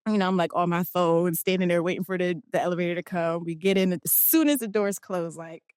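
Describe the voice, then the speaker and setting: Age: adult. Sex: woman. Origin: Philadelphia. Pitch: low. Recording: dry. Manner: animated storyteller. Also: fairly quick, smooth, dry recording. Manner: animated, acts out quotes. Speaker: guest, basketball players' union director. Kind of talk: casual storytelling interview.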